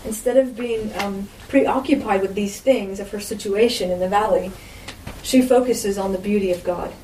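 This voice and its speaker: A woman's voice: mid-range voice, moderate pace, mellow, recorded from a distance. Woman, informal sermon, conversational, roomy echo, faint background noise. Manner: conversational, frequent "you know" asides. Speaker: Bible teacher.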